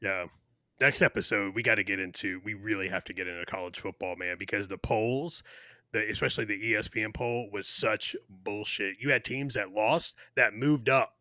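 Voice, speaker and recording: A man's voice: on the low side, normal speed, bright, forceful tone, no echo, clean studio sound. A man co-hosting a casual podcast, griping bluntly about sports. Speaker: podcast co-host.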